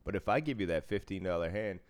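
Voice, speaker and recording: Deep, resonant male dealer, dry close mic, blunt and profane. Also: expressive, fast talker, no echo. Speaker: casino dealer. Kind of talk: casual chat.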